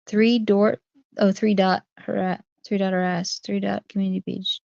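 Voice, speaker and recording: A woman's voice: mid-range voice, level tone, moderate pace, vocal fry, a little mellow, dry recording. A woman hosting a casual livestream, talking through her viewers' chat comments one by one. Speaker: livestream host. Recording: dry, dull lo-fi stream audio.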